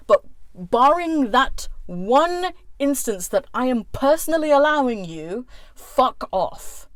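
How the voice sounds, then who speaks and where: A woman's voice: on the high side, no echo. Furious swearing woman ranting. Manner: furious, profane, emphatic. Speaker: YouTuber. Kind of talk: angry rant vlog. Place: indoors, a warm room.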